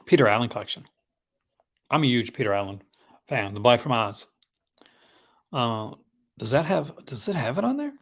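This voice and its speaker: A man's voice: mid-range voice, very animated, normal speed, pauses often, a bit bright. A man hosting a casual live unboxing stream, chatting in a rambling, conversational way with enthusiastic asides about films he collects.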